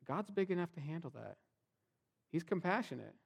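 A man's voice: on the high side, sing-song, moderate pace, creaky, slightly rough. A man preaching a sermon as pastor, talking to the congregation in a conversational way and acting out what people might say. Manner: conversational preaching, acts out quoted voices.

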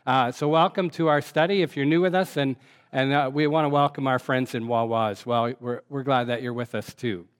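An older man as a pastor giving a relaxed, conversational sermon, reading scripture and explaining it with frequent fillers. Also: mid-range voice, fairly quick, clean tone.

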